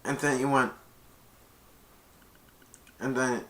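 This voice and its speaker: A man casually retelling a movie's plot in a rambling, excitable way, acting out the lines. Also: medium pitch, slow pace. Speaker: movie reviewer.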